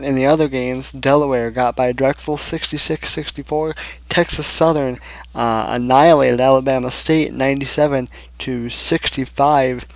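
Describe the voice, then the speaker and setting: A man's voice: medium pitch, gravelly. A young man hosting a casual sports picks show, rambling through scores and predictions with plenty of fillers. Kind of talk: casual solo sports commentary.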